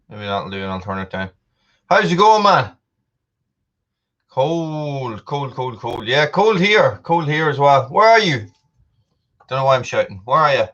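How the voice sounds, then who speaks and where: A man's voice: mid-range voice, fairly bright tone. A man from Britain hosting a casual live stream, chatting to viewers by name and eating popcorn as he talks. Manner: chatty, reads out viewer names, eats popcorn while talking. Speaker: livestream host. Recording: dull lo-fi sound.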